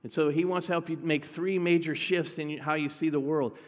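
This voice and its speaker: Lockerer Prediger mit Hall. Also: male voice, on the high side, fairly even intonation, normal speed. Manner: conversational, addresses the congregation directly. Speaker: pastor. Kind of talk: sermon.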